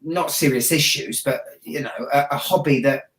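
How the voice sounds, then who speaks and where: A man from Southampton with a Hampshire accent, a watch YouTuber chatting casually as a guest, joking and laughing, often trailing off quietly. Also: fairly high pitch, moderate pace. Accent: Hampshire English. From Southampton, England. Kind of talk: casual interview chat. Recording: echoey room.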